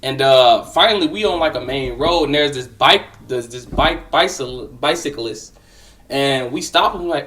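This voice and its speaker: A man's voice: mid-range voice, animated, moderate pace, a bit bright, far from the mic. A young man casually telling a personal story, slangy and profane, talking straight to the listener.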